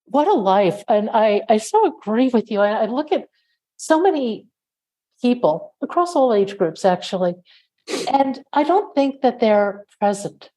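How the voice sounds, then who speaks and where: A woman's voice: on the high side, sing-song, normal speed, mellow. A woman hosting a podcast, talking in an earnest, reflective way during a casual interview. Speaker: podcast host.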